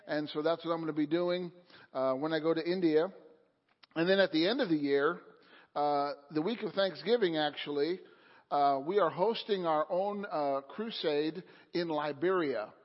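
A man preaches to his congregation in a loose, unhurried way, pausing on filler sounds as he goes. His voice sits a little high, and the sound is dull and lo-fi. A long reverb trails behind it in the church hall. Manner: casual, hesitant with many uh fillers. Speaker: pastor. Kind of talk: sermon. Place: church sanctuary.

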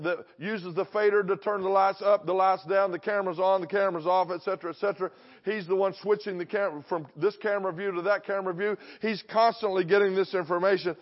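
A man preaching a sermon to a church congregation, emphatic, repeating phrases and putting questions to the crowd. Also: high-pitched. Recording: dull lo-fi recording.

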